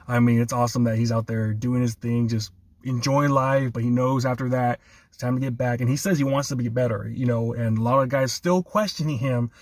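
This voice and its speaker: A man hosts a loose sports conversation at a middle pitch, chuckling between points and leaning on "man" as he goes. His voice sits in a dry, close space with little room sound. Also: fairly even intonation, brisk, a little mellow, no echo. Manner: laughs often, enthusiastic, repeats 'man'. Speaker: sports podcast host. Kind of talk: casual sports chat.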